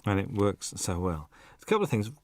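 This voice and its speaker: A man's voice: low-pitched, very animated, brisk, darkish tone, dry recording, clean studio sound. A man interviewing a musician, asking questions in a curious, chatty way.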